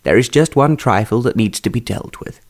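A man voicing a gentle, formal aristocratic father in a storybook reading, speaking softly and kindly. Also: medium pitch, lively intonation, fairly quick, close to an everyday voice.

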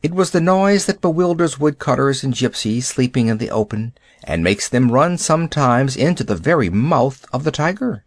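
A man narrating a classic animal story aloud in a measured, expressive storytelling manner. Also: mid-range voice, dry recording. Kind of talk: storybook reading.

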